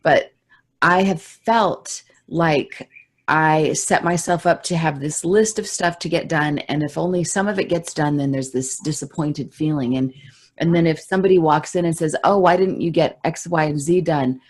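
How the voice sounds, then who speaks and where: A woman's voice: deep voice, moderate pace. A woman co-hosting a podcast in casual, reflective chat, acting out her own reactions in quoted voices. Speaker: podcast co-host.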